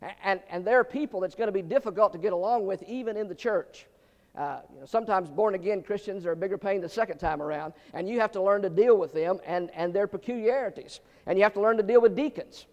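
A man's voice: high-pitched, fast, darkish tone, long reverb tail, muffled recording. A male pastor preaching a sermon full of folksy jokes and asides, often repeating words. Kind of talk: sermon with humorous stories.

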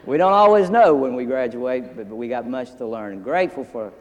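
A man's voice: mid-range voice, a little fast, lo-fi sound, a little hiss or hum. A man preaching a sermon in a folksy, earnest way, telling stories and reading scripture aloud in a seminary chapel. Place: seminary chapel, large hall. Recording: long hall reverb.

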